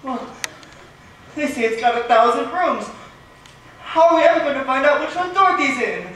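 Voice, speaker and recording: A woman's voice: high-pitched, animated, moderate pace, a bit bright. A teenage girl playing a timid, jittery lion on a school stage, with jumpy, exclamatory comic delivery. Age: teens. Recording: echoey auditorium from far off, faint hiss.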